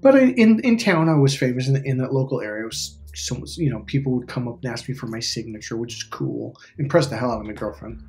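A middle-aged man with a voice of ordinary pitch tells a personal story in a loose, rambling monologue. He starts over often, drops the odd curse word, and slips into the voices of people he quotes. Faint music plays softly underneath. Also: lively intonation, fast talker, hardly any pauses. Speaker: spiritual life coach.

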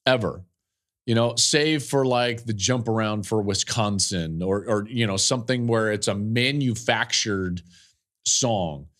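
A man's voice: lowish voice, unhurried, a bit bright. Earnest, emotional male podcast host. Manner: earnest, openly emotional storyteller. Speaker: podcast host, football analyst. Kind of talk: podcast commentary, personal storytelling.

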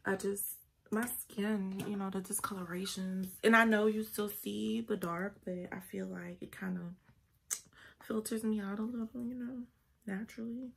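A woman's voice: mid-range voice, vocal fry, breathy edge. A woman talking casually in her vlog, chatty and loose, swearing in passing. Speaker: vlogger.

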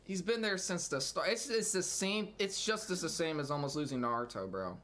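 A man hosting an anime reaction video, talking casually with slang, shouting out in surprise and sometimes falling to a hushed whisper. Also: fairly high pitch, a little fast. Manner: casual and slangy, exclaiming loudly then dropping to hushed whispers. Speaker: host.

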